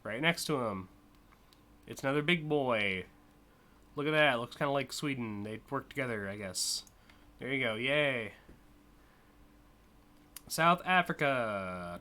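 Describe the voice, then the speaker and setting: A young American man hosting a live stream, rambling in casual commentary with lots of fillers and quick laughs. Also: mid-range voice, lively intonation, bright, forceful tone. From United States. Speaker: streamer hosting a community car contest.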